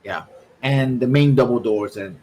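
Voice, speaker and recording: A man narrating as game master for a tabletop game, halting and full of fillers. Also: mid-range voice, darkish tone, a little hiss or hum, rough recording.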